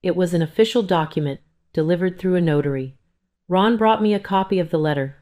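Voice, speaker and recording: Woman telling a sad family story, low voice, steady and somber. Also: a little fast. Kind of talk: first-person story narration.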